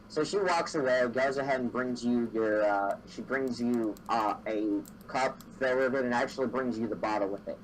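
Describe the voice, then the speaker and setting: A man's voice: medium pitch, normal speed, few pauses, a little hiss or hum, poor audio. A man narrating as game master of a tabletop game, meandering with many fillers and self-corrections.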